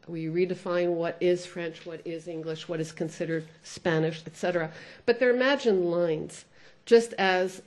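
A woman's voice: on the low side, a little mellow. Bilingual woman giving a lecture. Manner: thoughtful, switches between English and French, frequent "uh" fillers. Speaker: sociolinguist giving a talk. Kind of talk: conference lecture.

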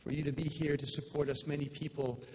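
A man speaking at his father's memorial, halting, with many fillers and restarts. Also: a little high, flat delivery, darkish tone. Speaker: son giving a eulogy. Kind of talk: memorial speech. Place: large hall with long reverb. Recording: echoey hall, faint room noise.

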